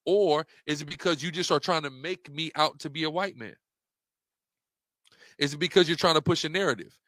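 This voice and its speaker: A man's voice: on the high side, fairly quick, a bit bright, no echo, studio quality. A man giving an impassioned, rhetorical monologue while walking through slides, repeating questions for emphasis. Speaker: religious debater presenting slides.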